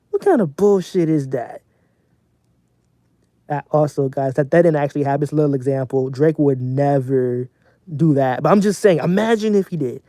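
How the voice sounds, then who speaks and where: A young man streaming casually from home, venting in a profane, animated rant. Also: a little high, no echo.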